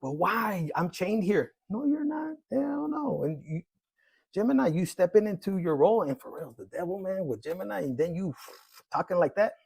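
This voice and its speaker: Gravelly high-voiced man reading tarot. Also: brisk, no echo. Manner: animated, slangy, laughs often, acts out quoted voices. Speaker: tarot reader. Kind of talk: casual tarot reading monologue.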